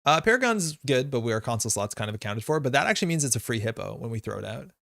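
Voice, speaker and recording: A man talks his way through a live card game, weighing each move out loud with loose, casual phrasing. His voice sits at an everyday middle pitch, and the sound is dry and close, with no room echo. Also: sing-song, very fast, creaky. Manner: thinking aloud, casual, with frequent fillers. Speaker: streamer playing a card game. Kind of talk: live gameplay commentary.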